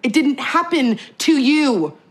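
An actress playing a young wife who has lost a pregnancy, guarded and accusing in a TV drama scene. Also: female voice, high voice, animated, takes it slowly. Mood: hurt. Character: hurt young wife after losing a pregnancy. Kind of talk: TV drama acting.

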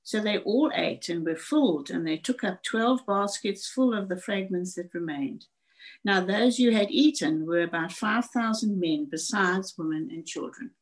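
A woman's voice: mid-range voice, moderate pace, rough recording. A woman with a South African accent reading a Bible passage aloud over a video call. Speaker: scripture reader.

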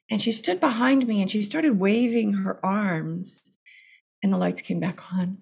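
A woman screenwriter, a guest, telling a story in a casual interview, animated and restarting often. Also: medium pitch, moderate pace, gravelly, breathy edge. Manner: animated, restarts often, acts out her own reactions.

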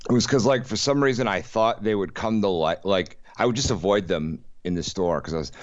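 A man's voice: fairly low pitch, a little fast, dry recording, dull audio. A man co-hosting a podcast, reading odd news stories with wry, sarcastic asides. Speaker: podcast co-host.

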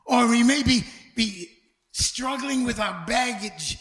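A high-voiced male pastor preaches slowly with a bright, sharp tone. He swings dramatically between shouting and near-whispers, often stumbling over repeated words. The sound carries the echo of a church room. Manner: dramatic, swinging from loud shouts to hushed tones. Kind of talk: sermon.

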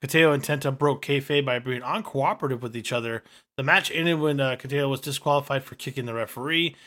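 Male co-host, reads notes aloud, bright forceful tone. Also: medium pitch, brisk. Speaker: podcast co-host. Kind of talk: casual chat, reading notes.

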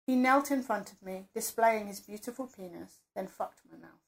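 Woman reading an adult story out loud, close and confessional, lots of fry in her voice. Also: medium pitch, normal speed. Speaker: narrator. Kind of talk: first-person erotic story narration.

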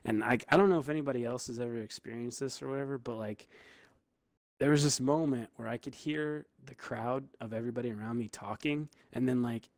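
A man's voice: mid-range voice, brisk, dry recording. A young man casually telling a story among friends, loose and profane, full of "like.". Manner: loose and profane, heavy use of "like".

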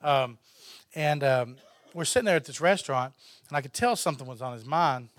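With a medium-pitched voice and a slightly quick pace, a man from Texas, USA, tells a casual story as a guest, and there's no echo. He's animated, laughs a lot, and imitates what others said.

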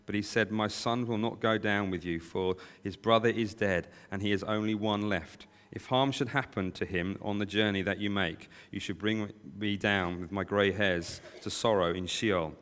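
A man's voice: on the low side, fairly even intonation, moderate pace, few pauses, a bit bright, clean tone, lightly acted. A man reading as a grieving old father. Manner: sorrowful. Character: older grieving father, protective. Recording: long hall reverb.

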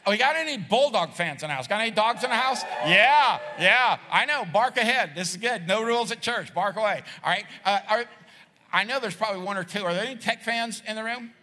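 A middle-aged pastor with a high-pitched voice delivers a casual, joking sermon to a church crowd, talking a little fast and acting out voices along the way. He's in a large church hall with an audience, and the recording has a long hall reverb plus a slight hiss or hum.

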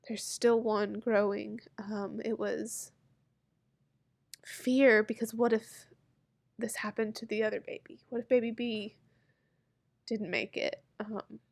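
A woman in her thirties telling a personal story to camera, halting and heartfelt, close to tears. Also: medium pitch, flat delivery, gravelly. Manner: halting, heartfelt, many pauses and fillers. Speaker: vlogger.

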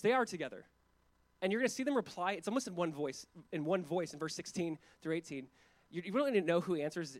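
A man's voice: fairly high pitch, no room sound. A male pastor preaching a sermon in a conversational, emphatic way, with asides and chuckles.

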